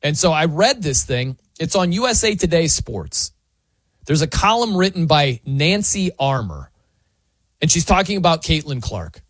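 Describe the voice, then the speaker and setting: A man's voice: on the high side, normal speed, no room sound. Incredulous man, dry close mic. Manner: incredulous, mocking, animated reading. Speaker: sports commentary host. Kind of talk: opinionated sports talk monologue.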